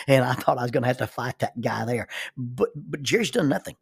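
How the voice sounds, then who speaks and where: A man telling a personal story as a life lesson, animated and acting out the people in it. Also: medium pitch, moderate pace, creaky, pauses often, slightly rough. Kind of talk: spoken storytelling.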